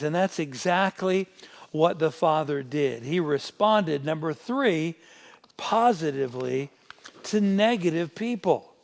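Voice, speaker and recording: A man's voice: a little high, lively intonation, slow, vocal fry, big-room sound. A man preaching a midweek sermon as pastor, retelling scripture in an emphatic, conversational way.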